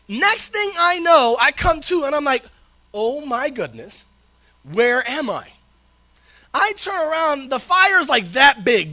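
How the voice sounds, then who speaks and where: A man preaching a sermon in a conversational, animated storytelling way, checking in with the listeners by asking "right?". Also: very high voice. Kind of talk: sermon with personal stories.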